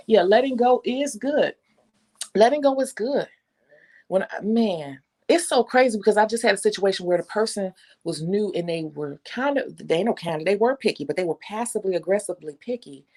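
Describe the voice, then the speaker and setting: A woman nail technician talking casually and bluntly to her viewers, telling stories with slang and the odd curse. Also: fairly low pitch. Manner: candid, blunt, animated storytelling with slang and cursing. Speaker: nail technician and channel host. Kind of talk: casual talk to viewers, reading live comments.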